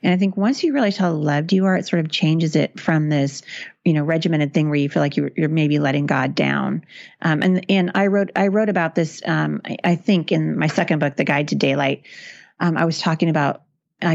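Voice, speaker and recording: A woman's voice: sits low, steady tone, brisk, vocal fry, a little mellow, dry recording, muffled recording. A middle-aged woman, a guest author, talking earnestly and encouragingly in long flowing stretches. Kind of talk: casual interview chat.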